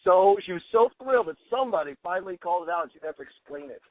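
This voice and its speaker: A man co-hosting a podcast in a casual chat, excitedly quoting lines and gushing over what he loves. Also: high-pitched, no room sound. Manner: excited, quick to quote lines. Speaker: podcast co-host. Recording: tinny phone-like sound, dry.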